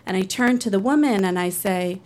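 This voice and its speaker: A woman's voice: mid-range voice, a little fast, a little mellow. Woman telling her own story on stage, earnest, chatty, does little voices for people. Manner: earnest, conversational, acts out other people's voices. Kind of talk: live personal storytelling.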